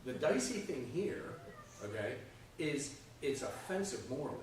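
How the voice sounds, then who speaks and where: A man's voice: a little high, very animated, unhurried, far from the mic, a little hiss or hum. A man teaching a conversational Sunday school Bible lesson, often checking in with his class by asking "okay?" and "right?". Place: church classroom. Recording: echoey room, voice from off-mic.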